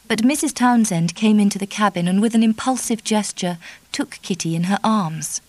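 Female audiobook narrator, mid-pitched, measured and even delivery. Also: no echo, low-quality recording. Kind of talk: scripted narration.

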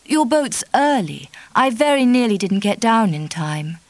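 A woman voicing a shy but earnest middle-aged woman, with a cool, deliberate and distinguished voice and an effusive, pleading manner. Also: fairly high pitch, very animated, no room sound. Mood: warm concern.

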